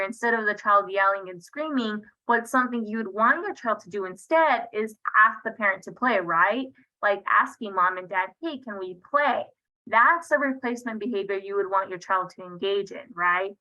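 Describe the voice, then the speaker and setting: Speaking at a normal speed in a sharp, mid-range voice, a woman presents a parenting workshop on a video call, and the computer-mic audio is poor. Her style is casual, punctuated by regular "right?" check-ins with her audience.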